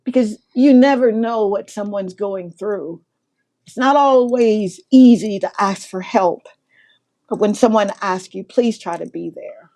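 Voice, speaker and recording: A woman's voice: medium pitch, measured pace, dark tone. A middle-aged woman from Mississippi hosting a faith talk show, telling a heartfelt testimony in a preacherly way and laughing often.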